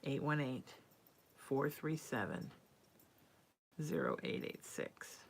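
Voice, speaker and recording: A woman's voice: extremely low pitch, sing-song, takes it slowly, vocal fry, a little hiss or hum. A woman hosting a casual live-stream as a psychic medium, reassuring and calling listeners sweetheart and honey. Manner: casual and chatty, with soft fillers.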